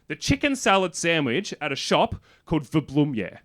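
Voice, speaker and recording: An excited local talks up a recommendation with rising energy and a lifted voice, as an Australian man puts him on. He builds each phrase bigger than the last. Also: on the high side, normal speed, voice pushed up. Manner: animated, building hype. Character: enthusiastic Dutch man raving about a sandwich.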